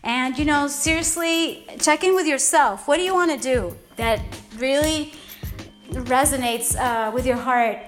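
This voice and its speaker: A woman's voice: high-pitched, measured pace, faint music behind. A woman hosting a motivational podcast from home, talking off the cuff in a heartfelt, rambling, earnest way. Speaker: podcast host. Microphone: podcast microphone.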